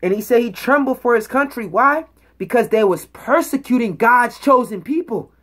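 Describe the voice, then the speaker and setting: Her voice sits a little high, with lively intonation, a moderate pace, and a fairly bright tone. She's a woman giving emphatic, preacher-style Bible teaching, reading scripture out loud, unpacking its words, and asking "okay?" or "all right?" after every point.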